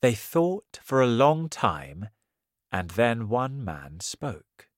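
A man reading a simple story aloud in a slow, clear storytelling manner. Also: medium pitch, sing-song, no room sound, studio quality. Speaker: narrator. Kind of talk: scripted story narration.

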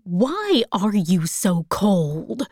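A fussy, meddling aunt, read by a woman scolds slowly and reproachfully. The sound is close and dry, the pace unhurried, in a storybook reading. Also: medium pitch, very animated, a little mellow, no room sound, heavily acted.

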